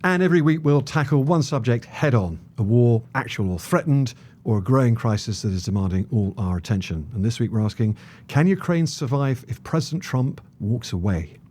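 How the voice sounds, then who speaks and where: A middle-aged man, a journalist co-hosting a podcast, framing topics and questions in a brisk presenter manner. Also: medium pitch, expressive, mellow.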